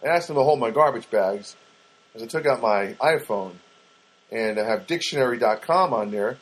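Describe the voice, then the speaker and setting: In a poorly recorded clip, a male podcast host with a mid-range, expressive voice speaks at a normal speed. He chats directly to his listeners, rambling through a casual story full of fillers and restarts.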